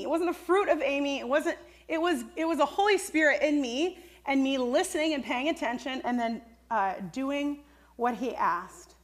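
A woman's voice: sits high, expressive, moderate pace. Earnest woman preacher telling a story. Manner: earnest, conversational storytelling with many "like" fillers. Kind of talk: sermon with personal story.

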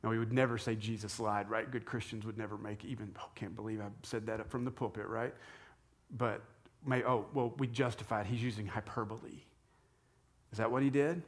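A man's voice: on the low side, fairly even intonation, a little fast. Man preaching a casual sermon. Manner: informal, asks the congregation rhetorical questions. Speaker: pastor. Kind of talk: conversational sermon. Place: church, speaking from the pulpit.

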